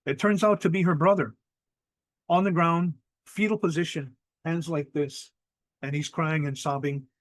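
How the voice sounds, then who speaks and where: A middle-aged man with a Hawaiian accent, telling a traditional ghost story in lively spoken style, mixing in Hawaiian words and acting out voices. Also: a little high, normal speed, dry recording. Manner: animated, acts out quoted voices, mixes in Hawaiian words. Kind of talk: oral storytelling.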